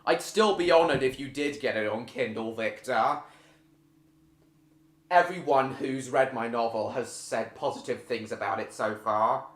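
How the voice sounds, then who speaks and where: A man's voice: mid-range voice, measured pace, roomy sound. A man hosting a live stream, chatting casually with viewers and reading out their comments, with frequent fillers and restarts.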